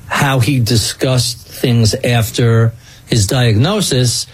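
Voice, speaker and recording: A man hosting a radio interview show, measured and thoughtful. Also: medium pitch, darkish tone, rough recording. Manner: measured, thoughtful, wraps up with thanks. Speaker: host.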